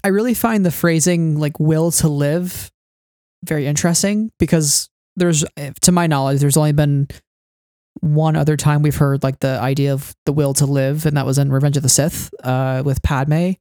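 A woman's voice: low voice, steady tone, normal speed, mellow, no echo, studio quality. A woman co-hosting a casual fan podcast, talking things through thoughtfully with many fillers. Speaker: podcast co-host.

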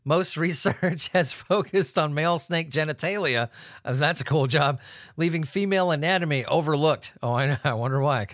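Male host, fairly high voice, foul-mouthed sarcastic news riffing, dry booth sound. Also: a bit bright, no echo. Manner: swearing, laughing, sarcastic asides. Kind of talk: profane comedic news commentary.

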